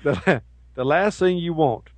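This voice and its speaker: A man co-hosting a casual talk show, ranting in an animated way and mocking people with put-on voices. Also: fairly high pitch, measured pace, dry recording. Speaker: co-host. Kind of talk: casual chat show banter.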